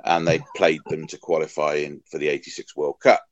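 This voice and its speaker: Deep-voiced Welshman telling football history. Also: level tone, a little fast, dry recording, dull audio. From Wales. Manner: enthusiastic, rambling with restarts. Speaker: podcast co-host. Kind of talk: casual chat.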